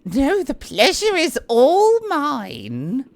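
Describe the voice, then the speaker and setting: A coquettish aristocratic lady, her voice lilting far up and swooping with teasing delight, as a woman puts her on. She draws out her words slowly, in a dry, close sound. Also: high-pitched, wildly swooping pitch, creaky, no echo, pitched above the performer's own voice, full character voice. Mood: flirtatious.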